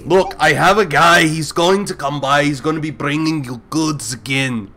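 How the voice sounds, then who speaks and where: A man voicing a gruff, muscular male action-hero fixer who gives blustery orders. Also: a little high, normal speed, pushed and bright. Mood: commanding.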